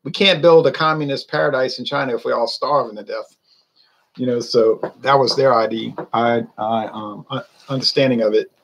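A man's voice: mid-range voice, steady tone, normal speed, vocal fry, fairly bright tone. A man talking in a folksy, meandering way, with many fillers, while reviewing a drink on his vlog. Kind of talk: casual rambling monologue.

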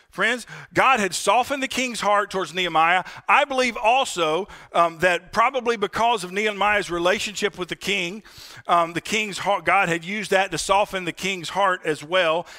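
A man's voice: high voice, a little slow, bright, forceful tone. A male pastor preaching a sermon in a conversational way, calling the congregation "friends" and asking them for an "Amen.". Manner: asks for "Amen?" responses. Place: church.

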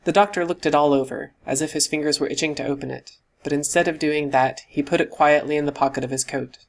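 A man reading a classic novel aloud as an audiobook narrator, in a steady, even storytelling manner. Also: on the high side, fast talker. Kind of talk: scripted narration.

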